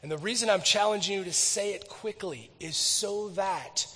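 A man preaching a sermon as a pastor. He swings from eager, quick bursts to near-whispered emphasis. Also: high voice, sharp tone, slightly rough, big-room sound.

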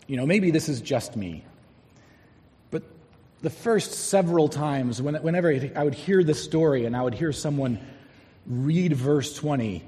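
A male pastor preaching a sermon, telling a story and slowing down to stress key words. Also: mid-range voice, expressive, warm tone. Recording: long hall reverb.

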